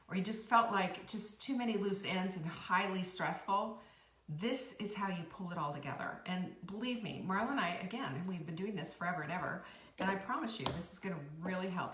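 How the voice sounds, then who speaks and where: A woman's voice: mid-range voice, a bit bright, a little hiss or hum. A middle-aged woman, hosting a casual live-stream chat and reacting to viewer comments in a chatty, bubbly way. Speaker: host. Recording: echoey room, a bit far from the mic.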